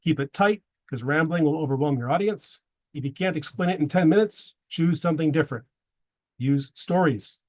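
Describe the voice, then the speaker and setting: A man's voice: fairly high pitch, moderate pace, a little mellow. A man giving a prepared presentation to a men's group, slipping wry dad jokes between his tips.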